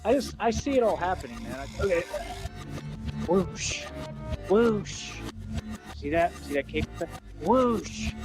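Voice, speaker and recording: A man's voice: a little high, big pitch swings, fast, music in the background, rough recording. A man calling himself a real-life superhero, laughing hard, boasting and taunting in streetwise slang. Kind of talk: livestream rant.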